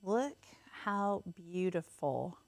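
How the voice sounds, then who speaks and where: A woman's voice: lowish voice, animated, very slow, no room sound. A woman hosting a casual craft tutorial, chatty and rambling with lots of fillers. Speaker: craft host.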